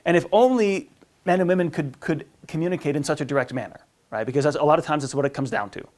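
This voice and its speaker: A man teaching a marriage class as a priest, with a voice pitched a little high. He rambles in a loose teaching style, stumbles and restarts often, and drops into quick acted voices for the people he quotes. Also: darkish tone. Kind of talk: informal teaching talk.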